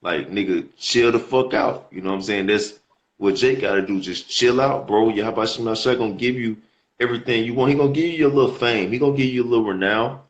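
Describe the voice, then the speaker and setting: A man's voice: mid-range voice, fast, muffled recording. A man teaching scripture in a casual, slangy way, reading verses aloud and repeating words as he explains them. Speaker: preacher.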